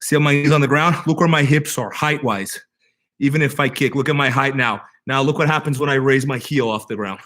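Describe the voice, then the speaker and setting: A man's voice: medium pitch, fairly quick, fairly bright tone. A middle-aged man teaching a live online martial arts class, explaining techniques step by step and checking in with "right?" as he demonstrates. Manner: explanatory, repeats key points with "right?". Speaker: jiu-jitsu instructor.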